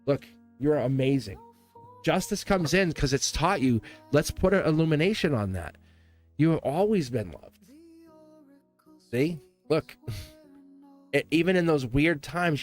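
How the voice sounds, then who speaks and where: A man doing a live tarot reading for his viewers. His voice sits at an ordinary middle pitch, and he is gushing and reassuring, often laughing and saying the same line twice. Faint music plays underneath. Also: lively intonation, a little slow. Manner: effusive and encouraging, laughs often, repeats phrases.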